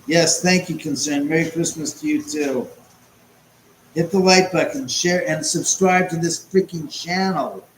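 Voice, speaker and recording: A man's voice: a little high, unhurried, slight background noise. Rambling sarcastic man in a roomy room. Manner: rambling and sarcastic, swears often. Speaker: livestream host. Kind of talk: casual livestream chat. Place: at home.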